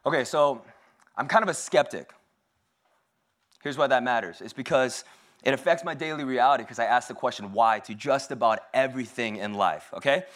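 A man's voice: mid-range voice, normal speed, fairly bright tone. Joking, self-deprecating young man preaching. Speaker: speaker at a church service. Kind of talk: casual humorous sermon.

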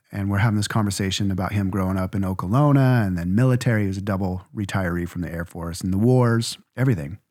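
A man speaks in an earnest, reflective way. His voice sits a little low. He builds his stories in rhythmic lists. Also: darkish tone. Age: 40s. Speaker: podcast co-host. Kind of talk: reflective faith conversation.

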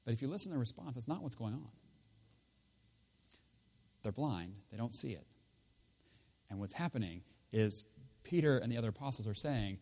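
A man preaching a sermon in a conversational, emphatic way, his voice rising loud and dropping low. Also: normal speed, pauses often. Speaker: pastor.

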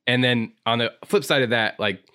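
A man's voice: mid-range voice, moderate pace, bright, forceful tone, clean tone, dry recording, clean studio sound. Chatty, self-teasing male podcast host. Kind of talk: casual chat.

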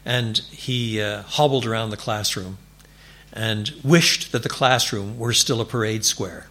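A man preaching a sermon in a church, animated and building to emphatic declarations. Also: lowish voice, a little slow. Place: church before a congregation.

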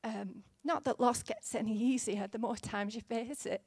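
A woman in her thirties preaching a sermon in an earnest, gently conversational way, with fillers here and there. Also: a little high, normal speed, breathy edge, no room sound, studio quality.

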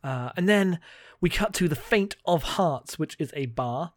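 A man's voice: on the high side, expressive, no echo, studio quality. A man co-hosting a casual podcast, chatting and laughing as he recaps a comic book. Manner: chatty, laughing, reads lines in quick voices. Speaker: podcast co-host.

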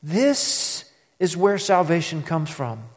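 A man's voice: on the high side, very animated, takes it slowly, big-room sound. A man delivering a sermon as a pastor, conversational and storytelling, with dramatic emphasis on key words.

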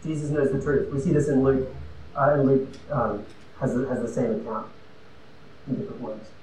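A man preaching a sermon, emphatic and conversational, swinging between loud and quiet. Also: mid-range voice, flat delivery, normal speed, a little hiss or hum. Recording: roomy and distant with faint ambience.

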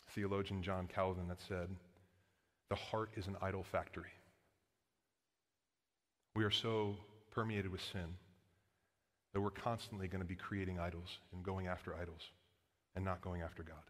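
A man's voice: sits low, in a large hall. A man preaching as pastor, casual and earnest, with frequent "like" and "guys" between points. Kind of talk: sermon. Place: church sanctuary.

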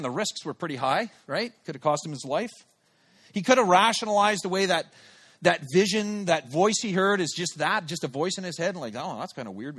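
A male pastor preaching a sermon, telling a personal story and acting out his own thoughts aloud. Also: fairly high pitch. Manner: animated, acts out his own inner thoughts. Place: church service held in a theater.

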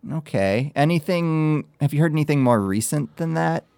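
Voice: medium pitch, animated, moderate pace, dark tone, clean tone, no room sound. Polite, inquisitive tabletop player. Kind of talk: playing a tabletop game in character.

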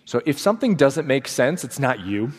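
A man's voice: mid-range voice, very animated, moderate pace, husky. A man preaching a sermon as pastor, storytelling with energy and acting out the quotes in changing voices. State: sleep deprived. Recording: long hall reverb.

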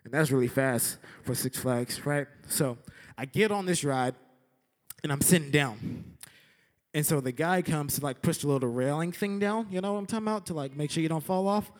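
A young man teaching a lesson through an animated story, acting out scenes with sound effects and saying "like" a lot. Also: a little high, normal speed. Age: young adult. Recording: echoey hall with long reverb.

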